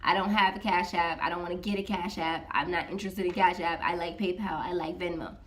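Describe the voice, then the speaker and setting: A woman's voice: lowish voice, a little fast. A woman who works as a freelance social media manager, casually recounting a story to her camera with lots of "I was like" asides and acted-out dialogue. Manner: animated, retells dialogue with many "I was like" asides.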